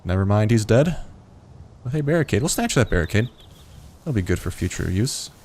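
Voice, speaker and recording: Low-voiced man rambling through gameplay. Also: very animated, fairly quick, a little mellow, a little hiss or hum. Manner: rambling, chatty, peppered with "like". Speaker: gameplay video host. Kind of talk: casual gameplay commentary.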